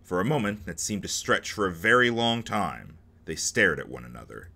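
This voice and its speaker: A man's voice: low voice, big pitch swings, normal speed, gravelly, sharp tone. A man reading game text aloud and cracking jokes between the lines as he plays. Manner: joking asides between dramatic narration. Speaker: let's play host.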